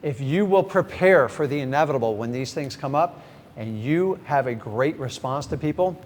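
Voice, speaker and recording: A middle-aged man teaching a live seminar. He is energetic and direct, often questions the audience and then answers himself. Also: medium pitch, moderate pace. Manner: energetic, direct, acts out sample conversations. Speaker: real estate investing trainer. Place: large event hall with a live audience. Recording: echoey hall, faint background noise.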